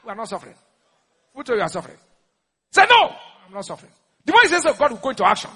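Nigerian preacher guy, lively up-and-down voice, bright, echoing hall. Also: extremely high pitch, rapid-fire, breathy edge. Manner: exhorting, call-and-response, mixes pidgin. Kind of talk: sermon.

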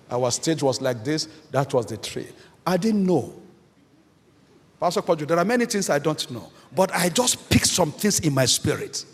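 A man whose husky voice runs on the high side delivers an emphatic sermon as a pastor. He repeats key phrases and asks the congregation call-and-response questions. The hall is echoey, with a long reverb.

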